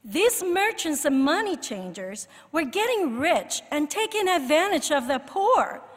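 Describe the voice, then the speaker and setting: A woman preaching a sermon in an expressive way, rising for emphasis and dropping to soft asides. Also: high voice, a little slow, in a large hall.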